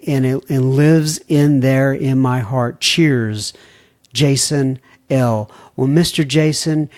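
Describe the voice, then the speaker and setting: Brief: middle-aged man, podcast host, folksy and friendly, slightly higher voice. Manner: folksy, warm-hearted asides. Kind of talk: reading listener emails aloud.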